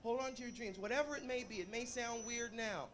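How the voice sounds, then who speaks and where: A man's voice: very high voice, fairly quick, a bit bright. A man performing as a drag queen, from Georgia, bantering with a club audience on a handheld mic in sassy, campy live stage chatter with a bubbly laugh. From Atlanta, Georgia. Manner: sassy, campy, calls people honey and baby. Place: nightclub stage. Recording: live club recording, noisy crowd.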